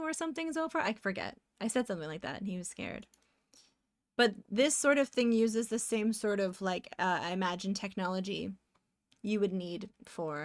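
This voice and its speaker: Young canadian woman rambling on stream while drawing, gets excited fast, dead dry sound. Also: medium pitch, no room sound. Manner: chatty, distracted, bursts of excited exclamations. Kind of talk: casual live-stream chat while drawing.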